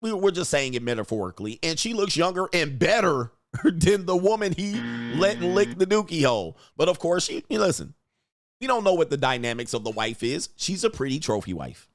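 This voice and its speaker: A man's voice: fairly high pitch, big pitch swings, brisk. A man hosting a livestream, giving crude, combative commentary, berating his chat and laughing often. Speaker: livestream show host and dating coach.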